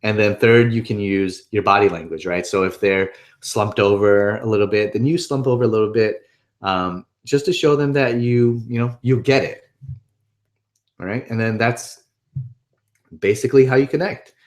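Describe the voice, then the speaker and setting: A man with a slightly low voice teaches a webinar in an easy, conversational way. He stays upbeat and keeps checking in with his listeners as he explains each point. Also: moderate pace. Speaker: webinar presenter. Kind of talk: casual instructional talk.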